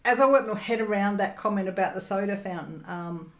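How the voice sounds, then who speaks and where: A woman's voice: medium pitch, a little fast, echoey room. A young Australian woman casually chatting through viewer comments while crafting at home, rambling with lots of ums and laughs. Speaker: crafting channel host. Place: home room while diamond painting.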